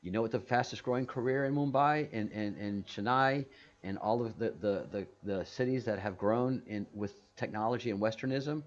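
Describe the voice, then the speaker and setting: Rambling low-voiced man on muffled call. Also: normal speed. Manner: rambling, many restarts and repeated words. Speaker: stream host. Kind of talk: casual video call chat. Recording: muffled video call audio.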